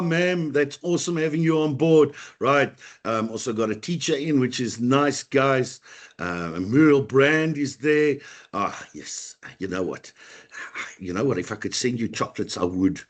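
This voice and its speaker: In an online video meeting, a South African teacher runs a live lesson, greeting students by name in an upbeat, chatty way. His mid-range voice has lively intonation and an unhurried pace.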